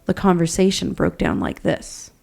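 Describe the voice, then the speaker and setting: Low-voiced woman reading a ghost story. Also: normal speed, gravelly, slight background noise. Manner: steady storytelling read, chatty asides. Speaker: podcast host reading a listener story. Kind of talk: story reading and casual chat.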